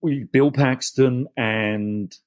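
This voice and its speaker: A man, a guest actor, telling animated stories in a casual interview and often restarting his sentences. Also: medium pitch, very slow, no echo. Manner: animated anecdotes with frequent restarts.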